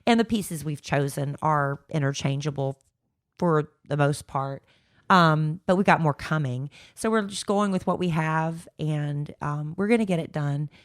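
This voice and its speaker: A woman's voice: low voice, measured pace, dry recording, clean studio sound. A middle-aged woman co-hosting a podcast in casual chat, venting frankly while fighting a cold with a stuffed-up nose. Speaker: podcast co-host.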